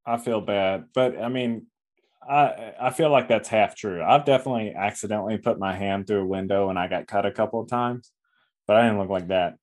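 A man's voice: fairly low pitch, a little fast, darkish tone. A man co-hosting a casual comic review podcast, blunt and swearing freely. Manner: blunt and heavily profane; acts out characters in quoted lines. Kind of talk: casual chat.

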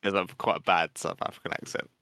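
Man, podcast co-host, bright forceful tone, excitable sweary chat. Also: low-pitched, quick pace, vocal fry, clean tone, dry recording. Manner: chatty, sweary, excitable storytelling. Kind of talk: casual chat.

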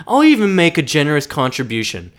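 A man's voice: a little high, wildly swooping pitch, quick pace. A man co-hosting a casual rewatch podcast, joking about scenes and quoting the characters. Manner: laid-back, joking, quotes characters. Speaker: podcast co-host. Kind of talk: casual rewatch recap chat.

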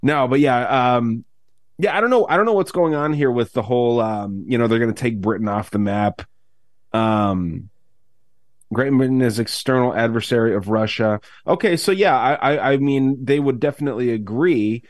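A man's voice: medium pitch, moderate pace, no room sound. A man hosting a talk podcast, his voice in a middle register. He rambles through loose, profane thoughts, restarting sentences as he goes. The recording is close and dry. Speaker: podcast host. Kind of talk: casual chat.

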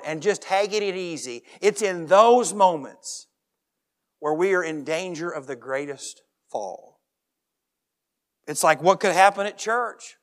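A pastor in his forties preaching a sermon, joking one moment and then slowing down and dropping his voice to a hush for emphasis. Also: high voice.

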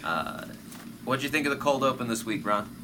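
A man hosting a casual fan podcast, relaxed and steering the talk through the episode. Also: medium pitch, normal speed. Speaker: podcast co-host. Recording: audible air conditioning hum.

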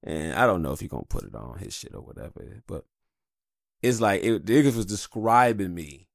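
A podcast host speaks a little fast in a low-pitched, sing-song, creaky voice, captured at studio quality with no echo. He rambles openly through a monologue thick with swearing.

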